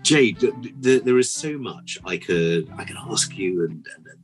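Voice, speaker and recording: A man co-hosting a podcast, chatting casually and telling a long joke in a lively way, with many restarts. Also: sits low, moderate pace, faint music behind, rough recording. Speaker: podcast co-host.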